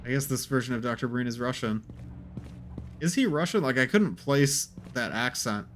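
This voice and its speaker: A man's voice: mid-range voice, lively intonation, normal speed. A man streaming a game, musing aloud in a rambling, hesitant way. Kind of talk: casual gameplay commentary.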